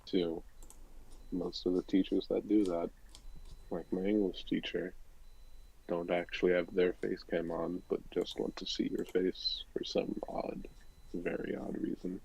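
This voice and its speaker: A teenage boy answers questions with dry, deadpan humor. His voice sits very low with a gravelly fry and a husky edge, and he chats in a casual, offhand way. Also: measured pace, low-quality recording. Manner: deadpan, joking. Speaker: guest. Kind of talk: casual chat.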